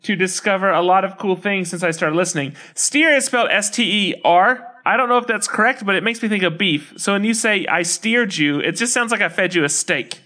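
A man's voice: high-pitched, brisk, hardly any pauses, pushed and bright. A man co-hosting a podcast, reading listener reviews aloud in casual, playful banter and laughing easily.

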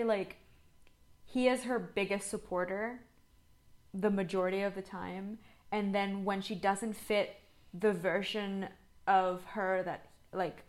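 Woman co-host, mid pitch, earnest and reflective in casual talk. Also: a little mellow. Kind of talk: casual chat.

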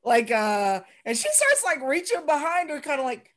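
A woman's voice: high voice, wildly swooping pitch, normal speed. A woman playing a tabletop game, describing her character's actions with lots of "like". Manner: giggly, lots of "like". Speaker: player.

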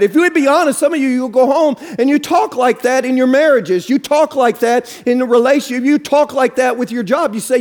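High-voiced man preaching fervently. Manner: fervent preaching, rhythmic sing-song cadence, urging the crowd. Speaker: pastor. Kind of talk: sermon. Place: church.

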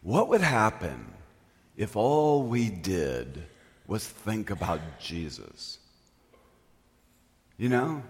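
A man preaching a storytelling sermon as pastor, animated and poking fun at himself. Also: lowish voice, extremely slow, pauses often. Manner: animated, self-mocking storyteller. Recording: long reverb of a large hall.

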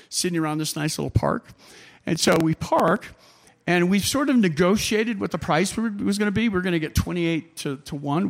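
A man with a notably high voice tells a travel story in a loose, rambling way. He keeps it animated and chuckles as he goes, with many casual fillers between his phrases. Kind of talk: personal travel anecdote.

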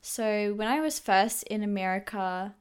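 A woman's voice: medium pitch, a little slow, clean tone. A woman from Australia, co-hosting a podcast and chatting casually, often laughing and correcting herself. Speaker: podcast co-host. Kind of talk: casual chat.

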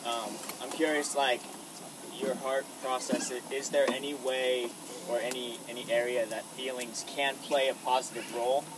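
A man's voice: mid-range voice, level tone, moderate pace. A man from the audience asking a question hesitantly, with many fillers. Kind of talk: casual question. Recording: distant mic with background noise.

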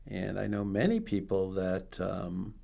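Male host, low and gravelly, husky tone, encouraging. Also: animated, unhurried, dark tone. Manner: encouraging, with frequent affirming murmurs. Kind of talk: interview chat.

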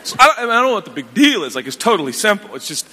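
A man preaching a sermon in a church, animated and self-mocking, with quick asides. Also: high-pitched, background noise. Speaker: pastor. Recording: echoey church hall.

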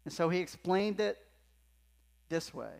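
A man's voice: sits high, expressive, measured pace, vocal fry. Emphatic male preacher in a reverberant church. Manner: emphatic preaching, swings from hushed to loud. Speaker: pastor. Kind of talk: sermon. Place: church sanctuary. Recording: long hall reverb in a church.

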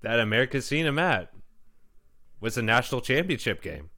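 A man on a sports podcast, making his point in halting, restarting bursts. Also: medium pitch, big pitch swings, bright, forceful tone.

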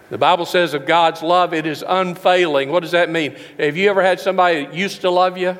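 A man preaching a sermon in a church, emphatic, slowing down to stress each verse. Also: on the high side, fairly bright tone. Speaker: pastor. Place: church sanctuary. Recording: long reverb of a large hall.

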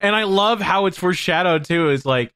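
A man's voice: high-pitched, fairly quick, bright, forceful tone, smooth, no room sound, studio quality. A man co-hosting a podcast, chatting agreeably about a film. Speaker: podcast co-host. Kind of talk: casual film discussion.

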